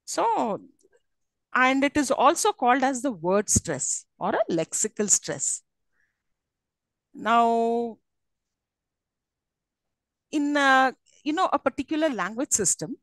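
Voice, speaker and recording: Her voice sits on the high side as she lectures a university class live online in Indian-accented English, frequently checking in with students. Her long explanations are full of fillers and restarts, captured in a dry, low-quality recording.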